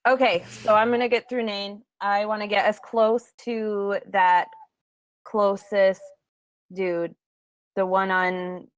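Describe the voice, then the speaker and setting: A woman's voice: medium pitch, flat delivery, slow, smooth. A woman playing a tabletop game, blunt and offhand about her character's moves. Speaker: player. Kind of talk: casual tabletop chat.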